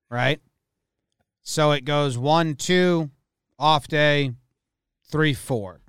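A man's voice: on the high side, a bit bright, clear, resonant tone, no echo, studio quality. Inquisitive man thinking aloud. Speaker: podcast co-host. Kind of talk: casual sports chat.

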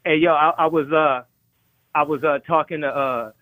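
A man's voice: on the high side, steady tone, moderate pace, bright, forceful tone, no echo. A man calling into a show over the phone, telling roast jokes with eager stammers. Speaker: caller. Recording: tinny phone line.

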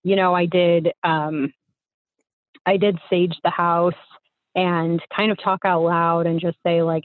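A woman's voice: fairly low pitch, level tone, slow pace, dry recording. A young woman on a remote call, telling a personal story casually and rambling with fillers and restarts. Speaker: guest storyteller. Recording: tinny phone-like line.

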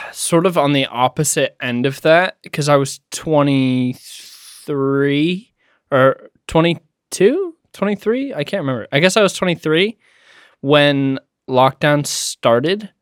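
A man's voice: a little high, expressive, slow pace, clear, resonant tone, dry recording, clean studio sound. A man in his twenties co-hosting a podcast, playful and teasing in casual chat. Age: 20s. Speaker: podcast co-host.

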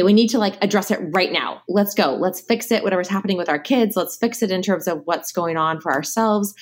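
Woman, podcast host, enthusiastic, affirming, casual, average pitch. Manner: enthusiastic, affirming, many fillers. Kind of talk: conversational interview.

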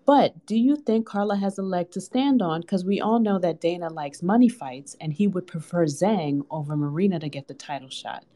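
A woman's voice: fairly low pitch, moderate pace, few pauses, dark tone. A woman calling in to a talk show who asks a long, run-on question. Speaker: caller. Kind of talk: casual call-in question.

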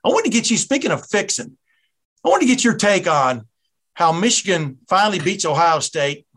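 Bright-voiced chatty Southern man. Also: sits high, sing-song, normal speed. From American South. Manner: rambling, chatty, self-interrupting. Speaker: podcast host. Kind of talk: casual podcast interview.

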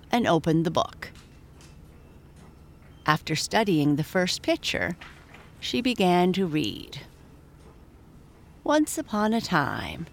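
Slow expressive woman storyteller. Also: on the low side. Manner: expressive, measured. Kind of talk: children's storybook reading.

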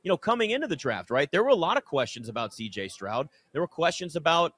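A man's voice: a little high, sing-song, fast, a bit bright. A man hosting a sports talk radio show, making emphatic, repetitive points as he builds his case.

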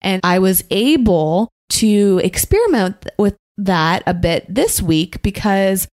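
Female video creator as interview guest, thoughtful and candid, unhurried. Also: medium pitch, lively intonation, a little mellow. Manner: reflective, measured, frank. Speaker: YouTuber and guest. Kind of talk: casual interview.

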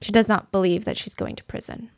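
A woman's voice: medium pitch, steady tone, fast talker, no room sound, studio quality. A woman hosting true-crime commentary, opinionated and exasperated. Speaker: commentary host.

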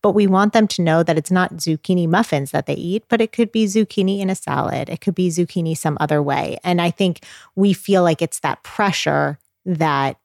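A woman in her thirties talking as a guest, explaining child feeding in an earnest, animated way. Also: on the low side, moderate pace, creaky, dry recording, clean studio sound. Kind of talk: casual advice chat.

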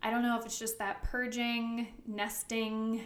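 A woman co-hosting a podcast in casual chat. She talks fast and fills her pauses with ums. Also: a little high, little pitch movement, roomy sound. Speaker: podcast co-host.

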